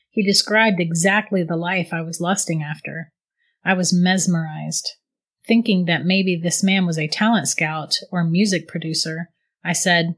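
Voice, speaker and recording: A woman giving steady, reflective first-person audiobook narration. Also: on the low side, a little slow.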